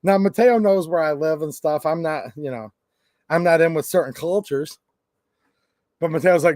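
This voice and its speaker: A man's voice: on the high side, moderate pace, a little mellow, dry recording, studio quality. Rambling man hosting a livestream. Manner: rambling, jokey, reads chat aloud. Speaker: gun rights channel host. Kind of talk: casual livestream chat.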